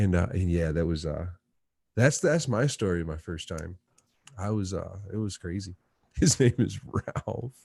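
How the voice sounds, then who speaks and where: A man with a lowish voice tells a rambling story in casual chat. He laughs often and swears freely. The sound is dry and close, with no room echo. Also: measured pace, vocal fry, breathy edge. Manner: laughing, profane, animated storyteller. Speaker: podcast guest.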